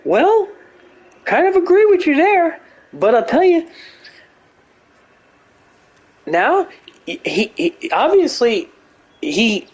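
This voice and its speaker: A man doing a comedic impression of an older male pundit who lectures in a strained, halting way with drawn-out "well"s. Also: extremely high pitch, very animated, pitched above the performer's own voice, full character voice. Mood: pedantic.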